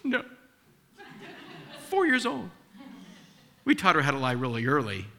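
Bright-voiced, earnest male pastor preaching. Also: mid-range voice, moderate pace, gravelly. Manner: animated storytelling, acting out dialogue; earnest and emotional. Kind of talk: sermon.

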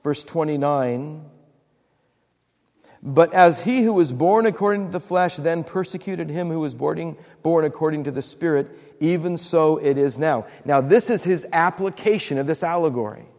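Man, pastor, sermon, emphatic repetition, slightly high voice, long hall reverb. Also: moderate pace, a little mellow. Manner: preaching with acted-out quotes and emphatic repetition.

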